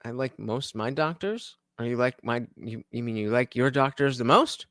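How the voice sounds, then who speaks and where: A man reacting to a podcast on a live stream, chatting casually and loudly shouting out donors. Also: mid-range voice, moderate pace, no room sound, clean studio sound. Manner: loud animated shout-outs to donors.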